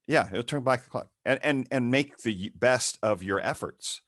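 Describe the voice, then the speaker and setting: A man's voice: medium pitch, normal speed, a bit bright, no room sound, clean studio sound. A man hosting an interview, speaking earnestly and urging listeners to act. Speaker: podcast host. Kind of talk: casual interview chat.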